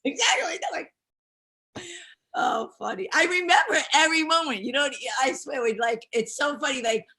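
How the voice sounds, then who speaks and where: Bubbly bright-voiced woman guest. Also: high voice, animated, moderate pace. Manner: bubbly, rambling, laughs often. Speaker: interview guest, pro wrestler. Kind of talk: casual interview chat.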